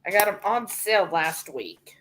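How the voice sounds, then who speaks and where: A woman's voice: mid-range voice, sing-song, normal speed, a bit bright, slight background noise. A woman co-hosting a live cooking stream, chatting and reading viewer comments aloud. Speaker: cooking show co-host.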